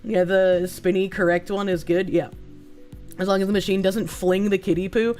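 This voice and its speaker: A woman with a hoarse, sick-sounding voice, chatting casually on a live stream as she reads donations, rambling and swearing freely. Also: mid-range voice, fairly even intonation, normal speed, a little mellow, soft background music. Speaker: streamer reading chat and donations.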